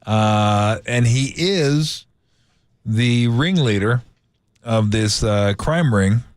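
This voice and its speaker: A man's voice: mid-range voice, dry recording, clean studio sound. A man hosting a sports radio show, chatting casually and laughing often. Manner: laughs often, drawn-out asides.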